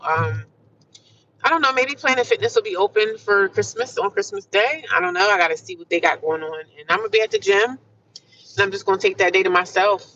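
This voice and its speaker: A woman's voice: mid-range voice, a bit bright, distant mic, muffled recording, a little hiss or hum. A middle-aged woman chatting casually while driving, upbeat and full of affirmations, calling her viewers "honey" and "child.". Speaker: vlogger livestreaming from her car. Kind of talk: casual chat.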